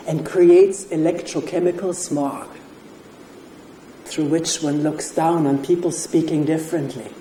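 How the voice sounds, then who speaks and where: An older woman speaks slowly and thoughtfully at a retreat, pausing often. Her voice is low and mellow. The sound is roomy, with a faint hum of ambience behind her. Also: fairly even intonation. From Germany. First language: German. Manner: slow, thoughtful, with pauses and soft laughs. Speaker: retreat teacher. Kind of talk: reflective retreat talk.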